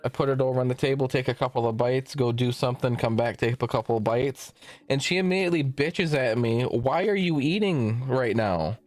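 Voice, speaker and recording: A man's voice: medium pitch, fast, a little mellow, dry recording. A young man streaming from home, telling a long work story as a casual rant, rambling and swearing as he backtracks. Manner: rambling, profane, self-interrupting.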